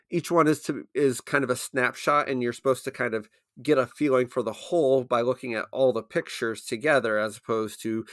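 Halting man musing on philosophy. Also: medium pitch, a bit bright, no room sound, studio quality. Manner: halting, restarts often, thinks aloud. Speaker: podcast co-host. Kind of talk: casual philosophical discussion.

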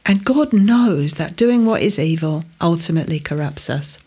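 A woman's voice: sits low, lively intonation, normal speed, mellow, husky. A woman preaching a sermon, teaching earnestly from scripture with emphatic rising stresses.

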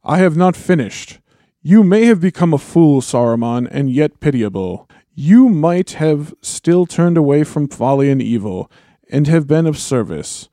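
A man voicing a stern, commanding old male wizard, reading a book passage aloud slowly and deliberately. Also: fairly low pitch, darkish tone, no room sound, studio quality, pitched below the performer's own voice.

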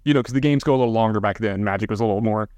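A man's voice: fairly low pitch, rapid-fire, a little mellow, no room sound. A man co-hosting a podcast, telling long casual anecdotes full of fillers and asides. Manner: rambling, filler-heavy anecdotes. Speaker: podcast co-host. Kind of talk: casual storytelling.

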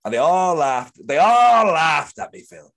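With a gravelly, fairly bright voice on the high side, he talks at a measured pace with big pitch swings. This young Irish guest actor chats casually, meandering through anecdotes and acting out quotes.

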